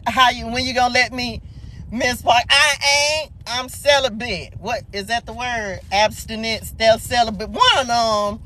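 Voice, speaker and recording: High-voiced, bubbly woman livestreaming from a car. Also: steady tone, measured pace, pushed and bright. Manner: exuberant, laughs often, greets viewers by name. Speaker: spiritual livestream host. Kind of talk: casual live morning message. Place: sitting in a car.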